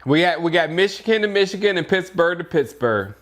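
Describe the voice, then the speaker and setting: A man casually reacting out loud to a sports draft, laughing often and swinging between disbelief and grumbling. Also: sits high, fairly quick. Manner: animated, laughing, jumps between shock and grumbling. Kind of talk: casual live reaction chat.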